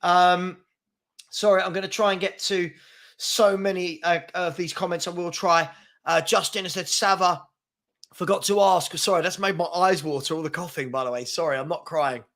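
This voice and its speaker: Bright-voiced man hosting a fan stream. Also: high voice, steady tone, normal speed. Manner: rambling, with fillers and repeated words. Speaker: fan channel host. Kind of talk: live-stream football chat reading comments.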